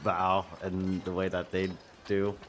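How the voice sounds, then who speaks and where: A man playing a tabletop game, giving slow, flat-toned replies. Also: deep voice, a little hiss or hum. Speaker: player. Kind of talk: casual tabletop play.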